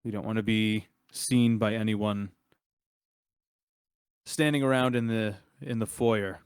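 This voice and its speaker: A man's voice: on the low side, fairly even intonation, a little slow, clean tone, no echo, clean studio sound. A man voicing a pointed, schedule-minded male companion urging the group onward. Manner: pointed, insistent.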